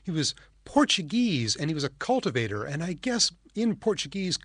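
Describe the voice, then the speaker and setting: A man's voice: fairly high pitch, big pitch swings, normal speed, dry recording, studio quality. A man with a Canadian accent, an ornithologist telling stories with enthusiasm in an interview. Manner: enthusiastic, storytelling. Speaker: ornithologist guest. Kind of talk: casual interview talk.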